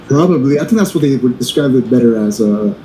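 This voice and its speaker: A man's voice: medium pitch, animated, dark tone. A man co-hosting a podcast, chatting casually with a lot of restarts and fillers. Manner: halting, many restarts and fillers. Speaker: podcast co-host. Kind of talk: casual chat. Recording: echoey room with faint noise.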